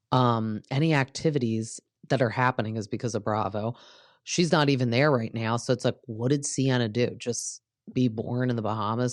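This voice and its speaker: A woman's voice: rumbling low, a little mellow, no echo, clean studio sound. A young woman hosting a show, chatting casually and sarcastically with lots of "like" fillers. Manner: chatty, sarcastic, heavy use of "like". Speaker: podcast host recapping reality TV. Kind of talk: casual chat. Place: home.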